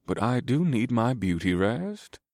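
A man voicing a laid-back, wry male companion who muses softly and unhurriedly. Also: mid-range voice, sing-song, no echo, studio quality. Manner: musing, soft and unhurried.

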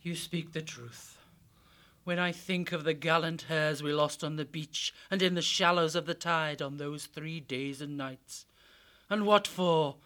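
A man's voice: fairly high pitch, a bit bright, pitched above the performer's own voice. Creagher, a man voicing a grave badger warrior lady. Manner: grave, solemn, intense. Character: stern female badger warrior lady, vengeful.

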